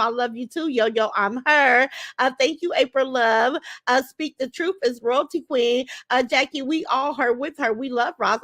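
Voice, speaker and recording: High, bright-voiced woman, profane livestream rant. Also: no room sound. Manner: profane, confrontational, calling out rivals. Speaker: livestream host reading viewer comments. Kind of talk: unscripted livestream chat.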